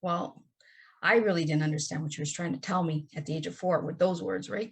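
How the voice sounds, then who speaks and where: A woman's voice: on the low side, quick pace, creaky, husky. A woman guest on a podcast interview, telling her personal story in an earnest, heartfelt and candid way.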